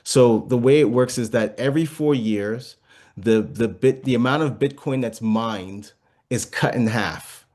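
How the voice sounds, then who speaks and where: A man's voice: mid-range voice, unhurried, darkish tone. A man answering interview questions, explaining step by step with small restarts. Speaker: guest explaining cryptocurrency.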